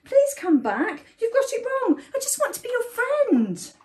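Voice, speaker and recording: A kind, gentle young dragon from a picture book, voiced by a woman reading aloud. Her voice rises high and eager. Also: huge pitch swings, measured pace, exaggerated voice. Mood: pleading.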